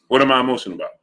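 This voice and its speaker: A man's voice: mid-range voice, sharp tone. A man hosting a boxing livestream, arguing his points emphatically and repeating them while reading out viewer chat messages. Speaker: boxing show host.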